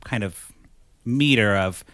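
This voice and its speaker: A man's voice: fairly low pitch, a bit bright, no room sound. A man co-hosting a casual podcast, recapping a movie in a chatty, joking way. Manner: chatty, joking, breaks into quick mock voices. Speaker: podcast co-host.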